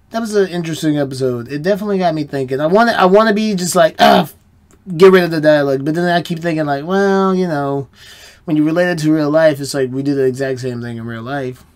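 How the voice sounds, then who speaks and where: A man's voice: fairly high pitch, brisk, darkish tone. An American man hosting a reaction channel, reviewing an episode in a rambling, self-questioning way. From United States. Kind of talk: casual solo review chat.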